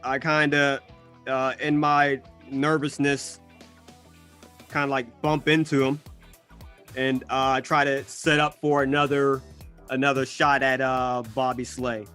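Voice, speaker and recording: A man's voice: mid-range voice, flat delivery, takes it slowly, long pauses, bright, forceful tone, smooth, soft background music. A man playing a tabletop game, describing his moves in a hesitant way, full of fillers. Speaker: player. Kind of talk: casual tabletop game chat.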